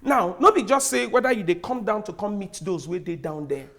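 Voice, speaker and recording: Loud, animated Nigerian man debating. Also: high voice, brisk. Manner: loud, emphatic, laughing asides. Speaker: debate guest.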